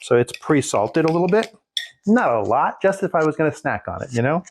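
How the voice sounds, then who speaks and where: A man's voice: on the high side, sing-song, a little fast, background noise. A man casually showing a recipe in his home kitchen, rambling with folksy jokes and asides. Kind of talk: casual cooking demonstration.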